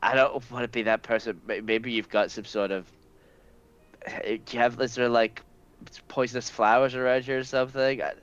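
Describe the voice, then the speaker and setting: A man at a tabletop game, his voice bright and mid-pitched. He hedges and trails off, sheepish in tone. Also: little pitch movement, normal speed, muffled recording. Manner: hesitant, sheepish. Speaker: player.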